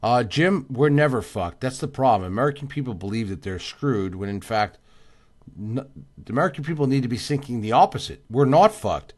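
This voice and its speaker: A man's voice: mid-range voice, expressive, a little fast, darkish tone. Male livestream host, worn out, keeps repeating his points, reads out viewer names, mid-range voice. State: tired, yawning. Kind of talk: casual livestream chat reading viewer comments.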